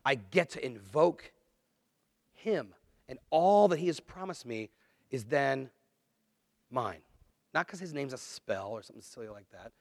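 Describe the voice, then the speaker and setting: A man preaching a sermon, earnest and conversational, swinging between quiet, low asides and louder, emphatic lines. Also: animated, measured pace, pauses often, no echo, studio quality. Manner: earnest, conversational preaching with dramatic dips and swells. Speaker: pastor.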